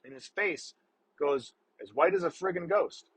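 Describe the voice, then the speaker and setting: A man's voice: fairly high pitch, lively intonation, unhurried, slightly rough, no room sound, low-quality recording. A man hosting a podcast, telling a story in a casual, profane, exasperated way. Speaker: podcast host.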